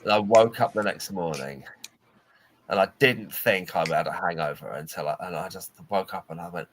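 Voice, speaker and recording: A man's voice: low-pitched, moderate pace. A middle-aged man casually telling a funny anecdote, acting out voices as he goes. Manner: animated storyteller acting out drunk voices.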